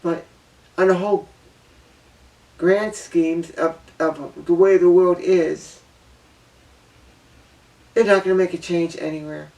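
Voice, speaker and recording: A man with a gravelly, fairly high voice speaks in an earnest, emotional personal monologue, circling back and repeating his words. He sits a little away from the mic, so his voice sounds distant. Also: fairly even intonation, slow, long pauses, a little mellow. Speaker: vlogger.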